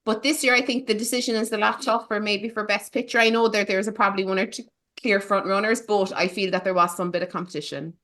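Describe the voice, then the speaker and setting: A woman's voice: mid-range voice, fairly even intonation, fast, fairly bright tone. A woman hosting a casual film podcast, playful and teasing, with theatrical asides. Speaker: podcast host.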